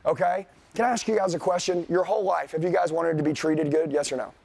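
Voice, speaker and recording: A man's voice: on the high side, fairly even intonation, fast, gravelly, a little mellow, slightly rough, no room sound. A man giving a motivational sales seminar to a live audience, talking bluntly and profanely. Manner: profane, blunt, fired-up, addresses the crowd directly. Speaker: sales trainer.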